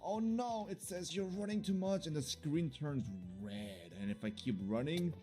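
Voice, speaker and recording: Man, gameplay commentary, jokey, excitable, mellow tone, faint music behind. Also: a little high, normal speed. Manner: excitable and jokey, laughs often. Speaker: gaming video creator.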